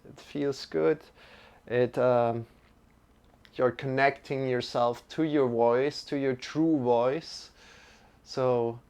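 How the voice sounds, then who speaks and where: A man leading a live-streamed yoga and meditation class, giving gentle, encouraging cues and chatting with viewers between them. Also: medium pitch, steady tone, slow pace, smooth. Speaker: yoga teacher.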